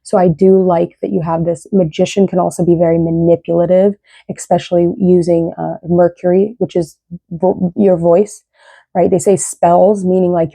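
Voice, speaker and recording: A woman's voice: lowish voice, creaky, dark tone, dry recording. A young woman giving a casual, rambling tarot reading, often tagging her sentences with "right?". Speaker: tarot reader.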